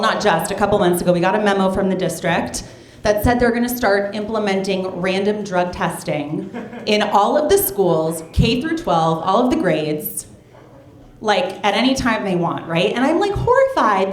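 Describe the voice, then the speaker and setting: A woman's voice: mid-range voice, lively intonation, normal speed. A woman doing a stand-up comedy set in a chatty, offhand way, full of hesitations, with a dry delivery. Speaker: stand-up comic. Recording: echoey room with live audience.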